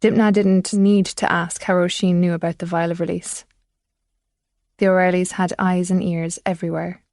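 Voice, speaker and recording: A woman narrating a thriller audiobook in measured, scripted storytelling. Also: lowish voice, level tone, darkish tone, no room sound, clean studio sound.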